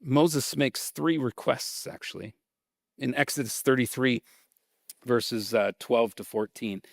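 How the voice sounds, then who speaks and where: A male pastor preaching a sermon in a casual, conversational way, reading scripture aloud and then explaining it with lively reactions. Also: medium pitch, slow pace, creaky, no room sound, studio quality. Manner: animated and conversational, acting out reactions.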